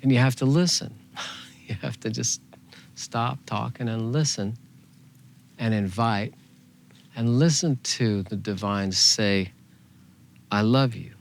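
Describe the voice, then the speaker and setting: A man teaching a spiritual meditation in a gentle, unhurried way, softly repeating phrases. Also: mid-range voice, gravelly, slight background noise.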